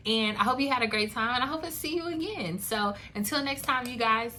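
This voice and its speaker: A young woman talking through books in a casual, animated way, full of "like" and "y'all", with laughing asides. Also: a little high, fairly quick, background noise. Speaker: book reviewer. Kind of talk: casual chat. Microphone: phone camera.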